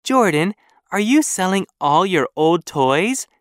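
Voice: medium pitch, big pitch swings, takes it slowly, no echo. A storybook reader voicing Katie, a cheerful, eager young girl who talks in an upbeat, encouraging way. It is recorded close and dry.

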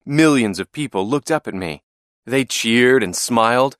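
A man narrating a first-person storybook in a clear, expressive reading. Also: medium pitch, unhurried, no echo, clean studio sound.

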